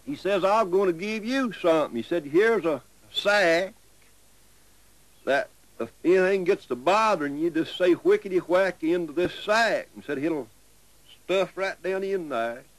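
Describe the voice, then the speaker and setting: Older man, Appalachian accent, folk storyteller, high voice, dry close sound. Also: expressive, dry recording, low-quality recording. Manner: old-fashioned mountain storytelling, drawn-out a-prefixed verbs. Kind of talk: folk tale telling.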